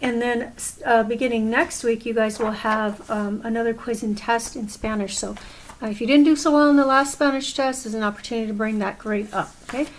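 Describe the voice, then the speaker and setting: Woman teacher, slightly high voice, slow patient explaining, recorded class lesson. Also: fairly even intonation, a little hiss or hum. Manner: slow, patient explaining, pausing and correcting herself.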